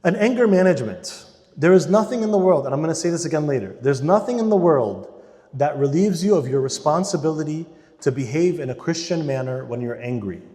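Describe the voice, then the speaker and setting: A man giving an animated church lecture to married couples, swinging between loud emphasis and hushed asides. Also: on the high side, brisk. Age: adult parent. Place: church hall. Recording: long reverb in a large hall.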